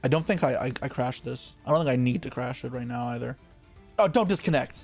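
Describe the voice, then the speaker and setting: A man's voice: mid-range voice, creaky, soft background music. Man muttering through a card game. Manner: thinking aloud, quick muttered asides. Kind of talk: live gameplay commentary.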